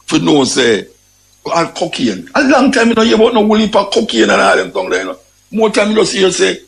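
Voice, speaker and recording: Jamaican man, gravelly, fairly high voice; emphatic patois commentary host. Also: brisk. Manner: animated, emphatic, repeats phrases, Jamaican patois. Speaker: radio talk host. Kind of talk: impassioned commentary monologue.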